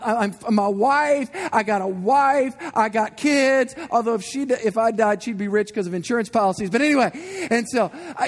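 A man in his forties preaching a sermon, telling animated personal stories and asking the congregation questions. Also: extremely high pitch. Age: 40s. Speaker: guest preacher.

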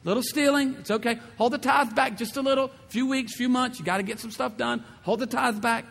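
A man's voice: very high voice, steady tone, brisk, a bit bright, pitched above the performer's own voice, full character voice. A man voicing a wheedling male tempter spirit who coaxes people to make light of wrongdoing. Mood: coaxing. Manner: coaxing, smooth-talking, making light of sin. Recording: long reverb of a large hall.

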